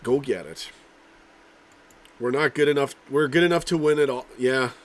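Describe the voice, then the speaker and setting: A man hosting a casual live-stream football chat, rambling and swearing, reading out viewers' comments while he keeps coughing and clearing his throat. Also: mid-range voice, normal speed. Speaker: livestream host.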